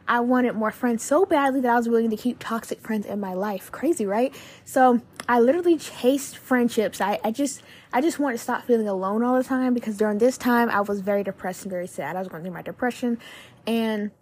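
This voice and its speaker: Woman, podcast host, solo chat, gushing, upbeat, lots of filler words, a bit high, breathy. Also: darkish tone.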